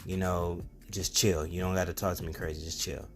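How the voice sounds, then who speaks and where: A man voicing a calm, unbothered store cashier as he retells a story. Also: fairly quick, natural voice. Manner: calm, low-key, unbothered.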